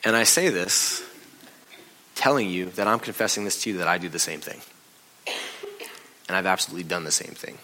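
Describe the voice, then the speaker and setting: A man giving a conversational, confessional sermon as a pastor, dropping to a hush and rising loud while telling a story. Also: low-pitched, a little fast, pauses often, slight background noise, rough recording.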